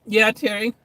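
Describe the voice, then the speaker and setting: A man's voice: sits high, sharp tone, no room sound. A man chatting casually to viewers on a phone livestream from inside his car, laughing often.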